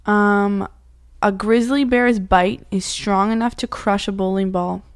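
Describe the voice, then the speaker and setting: A woman's voice: medium pitch, steady tone, unhurried, clear, resonant tone, no room sound, clean studio sound. A young adult woman, reading out fun facts in a playful, teasing chat. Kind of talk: casual family chat.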